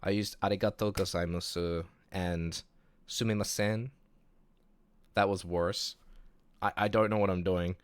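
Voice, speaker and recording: A young man with a New Zealand accent, chatting casually on a livestream and reading chat aloud, relaxed, laughing easily and restarting his sentences. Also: low voice, unhurried, long pauses, smooth, dry recording. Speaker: streamer.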